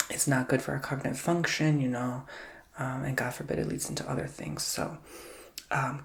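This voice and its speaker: A man with a gravelly, fry-laden voice gives an ASMR tarot reading. His delivery is chatty and theatrical, yet his pitch stays level, and he often sinks into hushed whispers.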